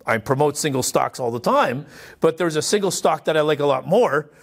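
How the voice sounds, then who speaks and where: A man being interviewed as an investment officer, telling stories in an animated, emphatic way. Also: a little high, a little fast, gravelly. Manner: animated, story-driven, emphatic. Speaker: co-founder and investment officer, guest. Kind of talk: anecdotal storytelling in an interview.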